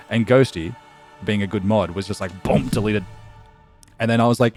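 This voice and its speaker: Chatty male streamer, low voice. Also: fast talker, faint music behind. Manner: chatty, laughing, animated storytelling. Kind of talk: casual chat reading out chat messages.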